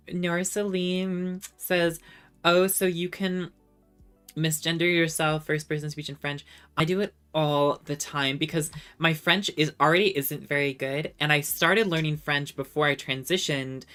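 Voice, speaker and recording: A woman's voice: sits low, a bit bright. A woman streamer in casual chat, reading viewer comments aloud, laughing often and trying out rusty French.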